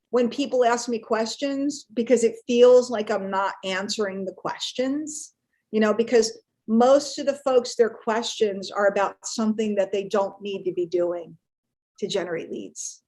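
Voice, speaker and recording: A woman's voice: on the high side, a little mellow. A middle-aged woman speaking casually and playfully on a live webinar, repeating herself for emphasis. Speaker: guest speaker on marketing webinar.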